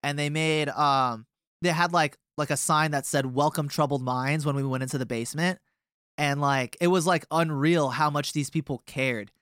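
A man's voice: on the high side, moderate pace, fairly bright tone, clear, resonant tone, dry recording, clean studio sound. A young man in a band chatting casually as a guest, rambling through a story with lots of filler words. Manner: rambling, many fillers and restarts. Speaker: touring band member, guest.

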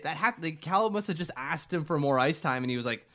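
A man's voice: on the high side, animated, a little fast, fairly bright tone. A young man co-hosting a casual sports podcast, talking in a loose, rambling, jokey way. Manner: rambling, jokey, does silly voices. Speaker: podcast co-host.

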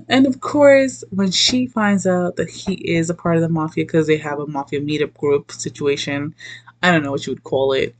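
An animated woman rants through a movie recap in a loose, casual way. Her talk is salted with swearing and she keeps slipping into the voices of the people she describes. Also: deep voice. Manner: animated, profane, laughs often, acts out quotes.

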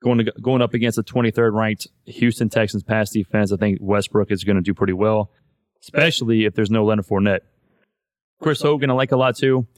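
A man's voice: on the low side, a little fast, no room sound, clean studio sound. A man hosting a podcast in casual chat, loose and profane, saying "man" all the time. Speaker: podcast host.

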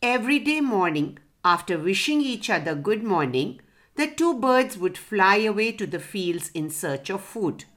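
Slow, expressive woman telling a children's story. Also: mid-range voice.

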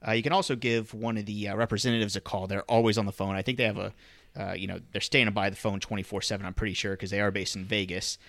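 A man's voice: fairly low pitch, quick pace, no echo. A man co-hosting a fantasy football podcast, chatting casually and reading an ad with lots of fillers. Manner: relaxed, filler-heavy, conversational. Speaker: podcast co-host. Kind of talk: casual podcast chat with ad read.

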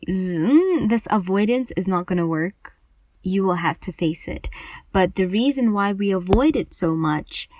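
In a recording with no room sound, a lowish-voiced woman hosts a podcast, delivering a personal monologue on anxiety. Her tone is earnest and emphatic, and she frequently says things again to drive them home.

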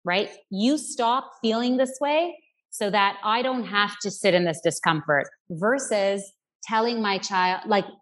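A woman's voice: medium pitch, unhurried. A woman parenting coach explaining her ideas earnestly, using everyday examples in conversation. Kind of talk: explanatory interview talk.

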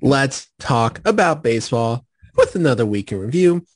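A man co-hosting a casual podcast, spinning animated, jokey stories and boasting in fun. His voice sits in a middle range for a man. The sound is dry and close, with no room in it. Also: mid-range voice, normal speed, no echo. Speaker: podcast co-host.

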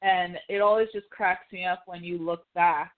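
In casual pop-culture chat about films, this podcast host speaks at normal speed in a medium pitch with fairly even intonation. The talk rambles, packed with fillers and swearing, and sounds phone-like and narrow.

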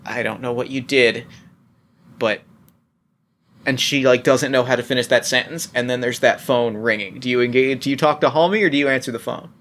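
A man narrating as game master, talking in halting bursts full of restarts and fillers. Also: mid-range voice, fairly even intonation, fairly bright tone.

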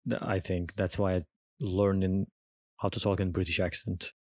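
Deep-voiced man from Turkey, halting chat. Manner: relaxed, halting, with many fillers and restarts. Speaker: podcast co-host. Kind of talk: casual chat.

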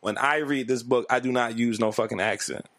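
A man's voice: mid-range voice, fairly quick, no echo. A man co-hosting a casual podcast chat. He swears freely and laughs often as he talks. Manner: relaxed, profane, laughs often. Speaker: podcast co-host. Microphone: podcast mic.

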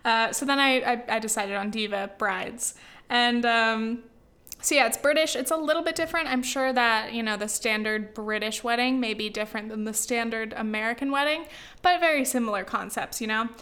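A young woman from the US West Coast rambles through a casual vlog in a voice pitched a little high, bright and forceful in tone. She talks at normal speed, filling her speech with "like" and "you know" and scattering sighs and laughs throughout.

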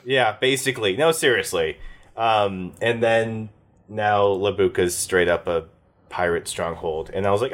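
A man with a very deep voice looks back on the tabletop campaign he ran as game master. He talks casually and rambles, stopping often with fillers and restarts. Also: a little slow. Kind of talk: casual post-game chat.

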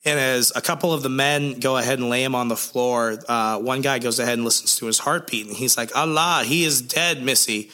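A man casually retelling a comic's plot with lively storytelling and crude jokes. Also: medium pitch, fairly quick, few pauses. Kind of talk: casual comic recap chat.

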